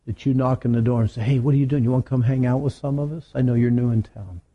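A middle-aged man preaching a sermon to teenagers, telling stories in an animated way. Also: mid-range voice, quick pace, husky, muffled recording. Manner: animated storytelling with acted quotes. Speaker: youth preacher.

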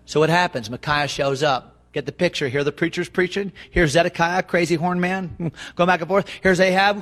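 A man preaching a sermon, emphatic and repetitive, swinging between soft and loud stretches. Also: high-pitched, fairly even intonation, normal speed, hardly any pauses.

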